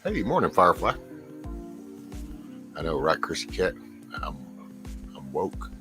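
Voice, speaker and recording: A man's voice: low voice, huge pitch swings, unhurried, pushed and bright, faint music behind. A man co-hosting a casual chat, rambling through stories and acting out what others said.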